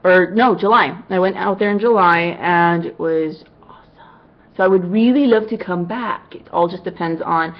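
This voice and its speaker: A woman's voice: on the low side, normal speed, lo-fi sound. A woman cosplayer answering fan questions in a casual vlog, chatty and upbeat with lots of "you know" asides.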